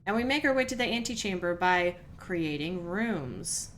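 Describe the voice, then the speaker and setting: A woman's voice: fairly low pitch, animated, moderate pace, slight background noise. A young adult woman, streaming a game and chatting with viewers in a rambling, earnest way, laughing often and reading chat aloud. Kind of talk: casual let's-play chat with viewers.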